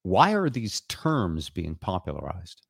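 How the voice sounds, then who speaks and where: A man's voice: sits low, very animated, measured pace, creaky, slightly rough, no room sound, studio quality. An older man hosting a casual live-stream chat show, talking in a rambling, jokey, self-deprecating way. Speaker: show host.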